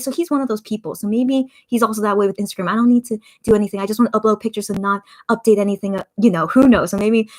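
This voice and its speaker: Gushing young woman streaming a watch party. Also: fairly high pitch. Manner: gushing, emotional, chatty, reads out chat comments. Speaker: livestream host reacting with fans. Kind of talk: casual watch-party livestream.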